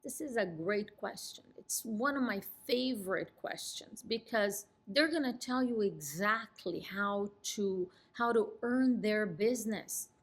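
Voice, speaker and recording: A woman's voice: medium pitch, unhurried, few pauses. A woman coaching real estate agents, walking through a phone script and acting out its lines with an assertive, downward tone. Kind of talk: teaching a sales script.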